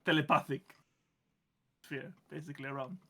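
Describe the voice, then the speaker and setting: Bright-toned game master, chatty, playful, laughs a lot. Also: mid-range voice, fairly even intonation, moderate pace. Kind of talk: narrating a tabletop game.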